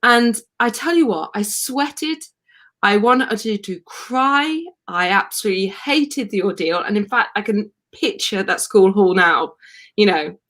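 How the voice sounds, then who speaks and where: Woman chatting on a video call podcast, animated storyteller, laughs easily, mid-pitched. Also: a little slow. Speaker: podcast guest, wellness coach. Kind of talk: casual live podcast chat over video call.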